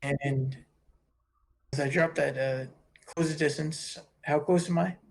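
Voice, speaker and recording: A man playing in a tabletop game with a gravelly, somewhat high voice. He asks rules questions in halting bits, with uhs between phrases. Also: steady tone. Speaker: player. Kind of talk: casual tabletop play.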